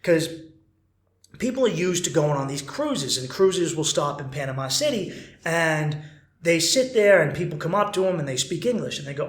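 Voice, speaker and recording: An American man hosting a podcast, talking in a casual, animated and profane monologue and acting out mock quotes. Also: a little high, moderate pace. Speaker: podcast host. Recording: roomy echo.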